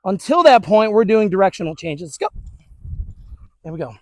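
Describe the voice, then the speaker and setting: Man, dog trainer, high voice, upbeat and chatty, outdoor street demo, dry close sound. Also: very animated, normal speed, a little mellow, no echo. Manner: upbeat, chatty, talks to viewers while praising dogs. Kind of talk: hands-on training demonstration.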